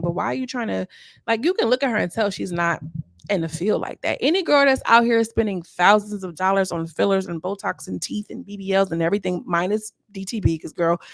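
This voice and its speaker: A woman's voice: mid-range voice, gravelly, no room sound, clean studio sound. A woman giving casual, gossipy commentary as a YouTuber reviewing a reality show. She is chatty and sassy and talks straight to her viewers.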